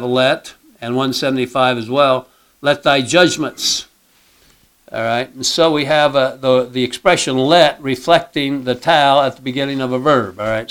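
A man teaching verse by verse through a Bible passage, speaking haltingly with many fillers, clearing his throat often and reading scripture aloud with emphasis. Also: medium pitch, a bit bright, rough recording.

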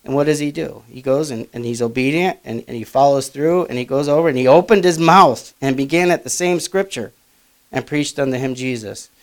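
A man preaching a sermon, reading old-style Bible verses aloud with loud emphatic rises and quieter asides. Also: mid-range voice, brisk.

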